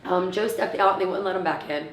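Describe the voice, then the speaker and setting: A woman in her thirties telling an emotional personal story in an interview, acting out what others said and often dropping to a hushed near-whisper. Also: lowish voice, fast, a little hiss or hum. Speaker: interviewee, mother of premature twins. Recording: roomy, from a distance.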